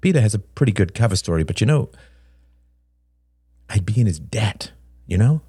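A man voicing an anxious young adult son who stammers and talks in halting bursts. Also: lowish voice, big pitch swings, dark tone, slightly rough, dry recording, studio quality, pitched above the performer's own voice, exaggerated voice. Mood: nervous.

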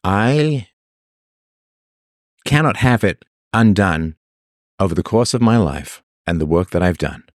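Man, very low voice, livestream host, sarcastic, mocking monologue, dry sound. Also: animated, slow, long pauses, no echo. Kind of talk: opinionated monologue to a live chat.

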